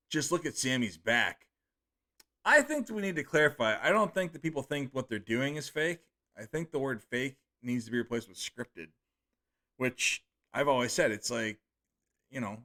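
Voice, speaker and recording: Man, streamer, reading viewer comments, casual offhand chat, mid-pitched voice, trips over names. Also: lively intonation, moderate pace, pushed and bright.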